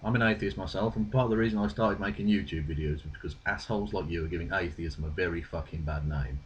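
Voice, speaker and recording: A man's voice: low-pitched, fast, muffled recording, slight background noise. A man with a British accent giving dry, sarcastic, profane rebuttals. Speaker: video creator responding. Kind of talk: rebuttal commentary.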